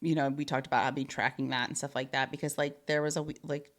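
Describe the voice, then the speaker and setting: A woman co-hosting a podcast, chatting casually in a lively way, laughing often and swearing casually. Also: extremely low pitch, fast talker. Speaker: podcast co-host. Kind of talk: casual chat.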